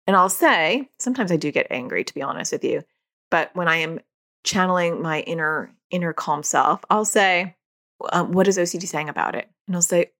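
A woman's voice: lowish voice, animated, moderate pace, a bit bright. A woman hosting a podcast, explaining in a casual conversational way and acting out dialogue in quoted voices. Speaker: podcast host; parent.

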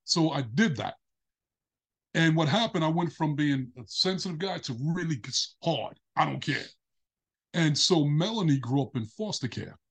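A man, a podcast guest, telling a candid personal story in an animated way. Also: moderate pace, husky. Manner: animated, acts out quoted dialogue with big pitch jumps.

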